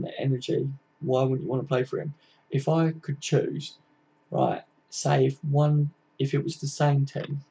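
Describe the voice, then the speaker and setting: A man's voice: medium pitch, creaky, warm tone, slightly rough. A man, hosting a casual live-stream chat, chatting loosely and answering viewer comments. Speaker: livestream host. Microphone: computer mic, live stream.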